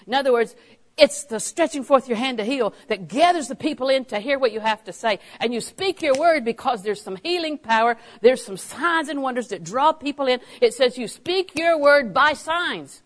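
A woman's voice: high-pitched, animated, a little fast, poor audio. A woman preaching a sermon, stressing key phrases by repeating them and telling anecdotes with a chuckle.

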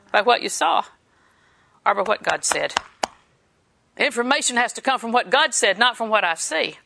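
Woman preacher, fairly high, gravelly voice, conversational sermon delivery. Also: very animated, measured pace, long pauses, noisy background. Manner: conversational, with laughs and scripture quotes.

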